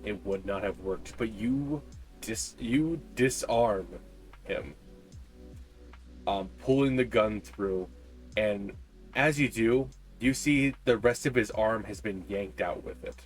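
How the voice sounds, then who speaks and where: A man runs a tabletop game, narrating the action in a fairly low voice. He often hesitates with ums and uhs as he describes each scene. Soft music plays quietly underneath. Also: takes it slowly. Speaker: game master.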